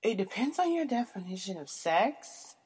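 A woman's voice: medium pitch, sing-song, normal speed, darkish tone, husky. Blunt, profane young woman answering questions. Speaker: vlogger. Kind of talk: casual Q&A, reading out questions and answering.

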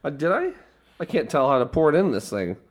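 A man's voice: fairly high pitch, very animated, fairly quick. A man co-hosting a comedy podcast, trading silly banter and making absurd claims with mock confidence. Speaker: podcast co-host.

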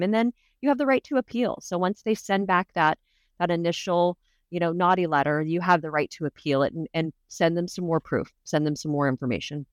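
A woman's voice: low voice, dry recording. A woman guest on a podcast interview, explaining practical advice step by step in a reassuring way. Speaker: guest, dental association benefits adviser.

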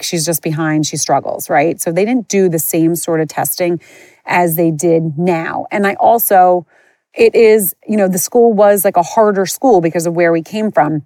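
A woman's voice: fairly low pitch, warm tone, no room sound. A woman podcast host telling a personal story in a candid, rambling way, with lots of fillers and restarts. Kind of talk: personal storytelling, casual chat.

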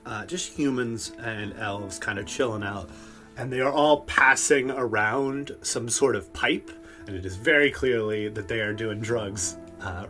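A man's voice: medium pitch, sharp tone. Laid-back male game master. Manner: laid-back, loose, filler-heavy. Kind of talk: narrating a tabletop game.

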